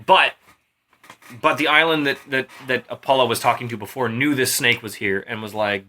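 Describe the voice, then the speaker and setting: A man's voice: medium pitch, fairly even intonation, moderate pace, pushed and bright. A tipsy young man casually retelling a Greek myth in a rambling, profane way. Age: young adult. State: drunk. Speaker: storyteller.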